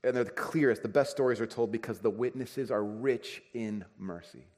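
A man's voice: mid-range voice, normal speed, a little mellow. Man, pastor, conversational sermon, acts out everyday dialogue, church hall reverb. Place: church sanctuary.

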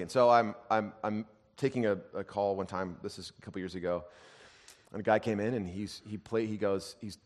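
A man preaching a sermon as a pastor, telling stories that swing between loud emphasis and hushed, quiet asides. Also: on the low side. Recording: long hall reverb.

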